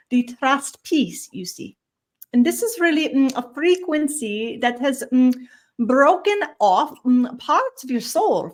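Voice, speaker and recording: A woman voicing an ageless otherworldly star-being, speaking slowly in a sing-song way with broken grammar and a constant "you see". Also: a little high, voice pushed up, natural voice. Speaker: channeled guide. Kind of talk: spiritual channeling session.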